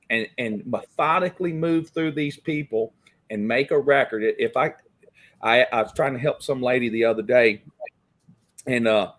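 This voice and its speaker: A man in a casual chat, giving advice emphatically and often repeating words. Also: medium pitch.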